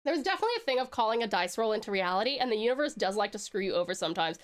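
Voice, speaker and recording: A woman's voice: mid-range voice, rapid-fire. An Australian woman streaming live, chatting casually, giggling and reading out chat messages. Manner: giggly, excitable, swearing, reads chat aloud.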